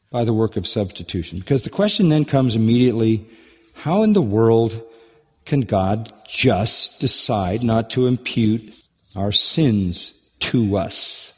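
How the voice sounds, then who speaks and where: A male preacher delivering an impassioned sermon, leaping in pitch for emphasis and slipping into mock back-and-forth asides. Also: a little mellow, breathy edge. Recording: long reverb of a large hall.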